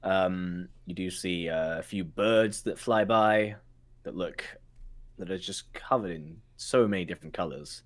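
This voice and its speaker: A man narrating a tabletop game as game master, halting with many fillers. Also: low voice. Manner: halting, many ums, lively voicing of guards.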